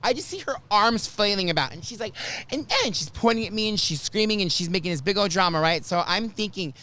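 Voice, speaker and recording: A man's voice: high voice, fast talker. A man hosting a podcast, telling a story in casual chat and acting out the quotes dramatically. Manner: animated, dramatic retelling with acted quotes. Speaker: podcast host.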